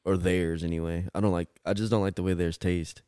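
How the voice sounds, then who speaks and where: Chill young guy cohosting a podcast, lowish voice, laughs a lot, dry mic. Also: level tone, brisk, warm tone, clean tone, no echo. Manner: laid-back, laughs easily, short replies. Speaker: podcast co-host. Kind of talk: casual chat.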